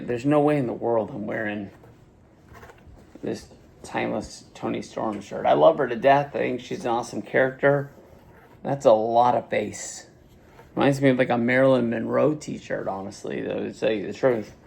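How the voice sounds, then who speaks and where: Gravelly laid-back man rambling casually. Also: mid-range voice. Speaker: unboxing vlogger. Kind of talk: casual unboxing chat.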